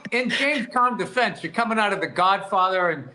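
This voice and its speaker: A man rambles and jokes through casual podcast banter, his voice bright and forceful with a slightly high pitch. The room around him rings with echo. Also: fairly quick. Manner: rambling, animated, jokey with bursts of laughter. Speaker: podcast co-host.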